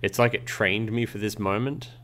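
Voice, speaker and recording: A man co-hosting a craft podcast in relaxed, casual chat, joking dryly and laughing often. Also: on the low side, normal speed. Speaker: podcast co-host.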